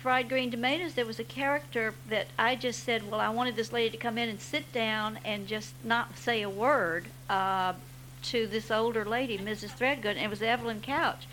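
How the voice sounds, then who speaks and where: A woman's voice: fairly high pitch, fairly even intonation, normal speed, fairly bright tone, a little hiss or hum, poor audio. A woman novelist answering on a panel, hesitant with fillers but enthusiastic.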